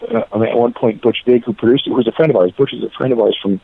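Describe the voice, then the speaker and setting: A man's voice: medium pitch, racing, gravelly. Older man, musician guest, rambling anecdotal storyteller, tinny phone-line sound. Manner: rambling, anecdotal, self-correcting. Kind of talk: casual storytelling interview.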